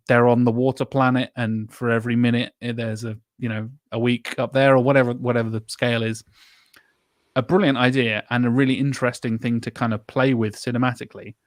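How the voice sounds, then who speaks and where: A man's voice: mid-range voice, dry recording, clean studio sound. A man in casual film chat who talks in an exasperated way, with sarcastic asides and swearing. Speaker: podcast co-host.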